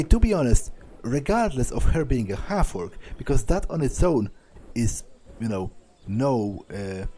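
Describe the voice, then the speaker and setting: Male game streamer, lively pitch, warm dark tone, lots of "uh"s. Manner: thinking aloud with frequent fillers. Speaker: let's play host. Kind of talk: gameplay commentary.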